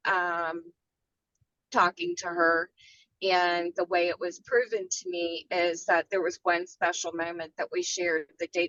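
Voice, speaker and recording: A woman's voice: fairly low pitch, bright, forceful tone, no room sound, highs cut off. An older woman on a video call, sharing her experience hesitantly and searching for her words. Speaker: workshop participant.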